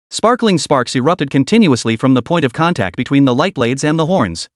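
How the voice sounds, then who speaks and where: A man's voice: a little high, no room sound, clean studio sound. Dramatic male story narrator. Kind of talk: scripted comic recap narration.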